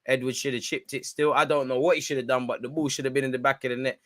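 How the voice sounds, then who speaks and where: A young man hosting a football watch-along, commenting live and shouting at the referee. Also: quick pace. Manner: animated, shouts at the referee, spikes in pitch and volume.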